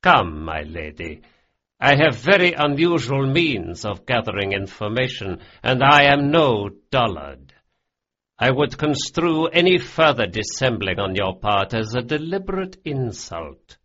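A man voicing a courteous yet quietly threatening older crime lord in an audiobook, with a lively, measured delivery on a dull lo-fi recording. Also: medium pitch. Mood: suave, menacing. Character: smooth, menacing older male crime lord.

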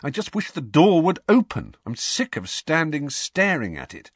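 A man reading aloud voices a frustrated teenage schoolboy who speaks in a flat, irritable way. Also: mid-range voice, a little fast, dry recording, studio quality, pitched above the performer's own voice. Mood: irritated.

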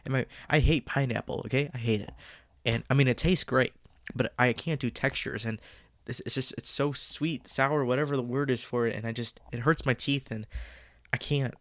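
A man's voice: mid-range voice, fairly even intonation, moderate pace, a bit bright, no room sound. Congested teenage guy rambling on a podcast. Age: late teens. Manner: rambling, self-aware, jokey about stalling. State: congested, stuffy from a cold. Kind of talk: casual solo podcast chat.

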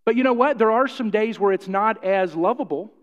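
A middle-aged preacher with a notably high voice delivers a folksy, joking sermon, repeating phrases and asking the room questions. His voice rings with a long hall reverb, and the recording sounds somewhat dull and muffled. He talks like a pastor chatting with his own congregation. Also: a little fast. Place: church hall.

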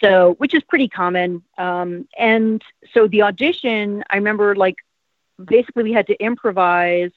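An actress in her fifties from South Jersey, USA, rambles through a casual interview, peppering her speech with "like" and "um." Her mid-range voice keeps a moderate pace, and the dry recording sounds tinny, like a phone.

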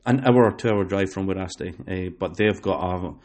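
A man's voice: low voice, moderate pace, a little mellow, slight background noise. A man with a Scottish accent hosting a casual podcast chat, rambling with many fillers and restarts. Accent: Scottish, West Lothian. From Scotland. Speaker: podcast host.

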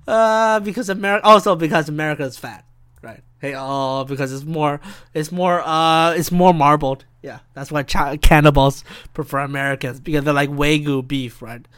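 A man's voice: on the high side, moderate pace, a bit bright, smooth, no room sound, studio quality. A man hosting a solo podcast, rambling and interrupting himself as he riffs and laughs at his own jokes. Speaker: podcast host.

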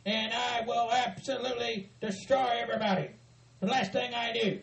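A man hosting a podcast, ranting and cursing in a comedic wrestling-promo style with shouted threats. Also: very high voice, fairly even intonation, moderate pace, vocal fry, rough recording. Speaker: podcast host.

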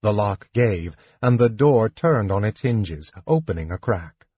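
A man reading a fantasy novel aloud in slow, measured narration. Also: lowish voice, expressive, mellow, husky, no room sound. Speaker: audiobook narrator. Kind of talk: scripted narration. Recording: dull lo-fi recording.

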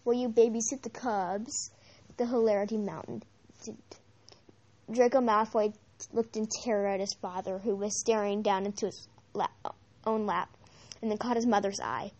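A woman narrating a novel aloud in an amateur reading, measured, with occasional slips and restarts. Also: mid-range voice, steady tone, a little mellow, dull audio. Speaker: audiobook reader.

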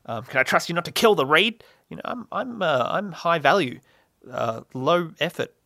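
A man's voice: a little high, animated, normal speed, creaky, pushed and bright, dry recording, clean studio sound. A young man hosting a solo comedy podcast, rambling and self-mocking with lots of fillers and laughs. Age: young adult. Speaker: podcast host.

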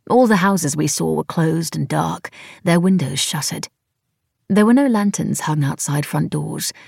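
A woman narrating a novel in the first person, with wry, even storytelling. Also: deep voice, vocal fry, husky, dry recording, clean studio sound. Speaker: audiobook narrator.

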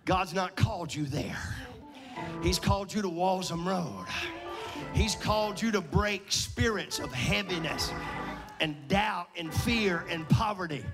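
A man preaching a sermon in a church with a nasal voice, preaching emphatically and urging the crowd to shout back. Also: high-pitched, a little slow, over music. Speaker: pastor.

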